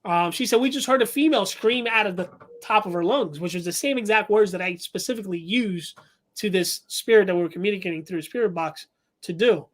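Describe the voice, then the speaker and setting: A man's voice: sits high, brisk. Rambling male paranormal investigator storyteller. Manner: rambling with many fillers and restarts. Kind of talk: casual storytelling.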